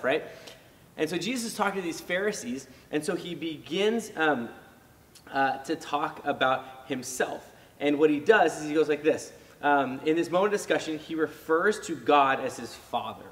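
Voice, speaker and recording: A man's voice: a little high, in a large hall, recorded from a distance, poor audio. A man giving a casual youth sermon, talking it through conversationally with fillers and restarts. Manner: animated when acting out reactions. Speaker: youth pastor.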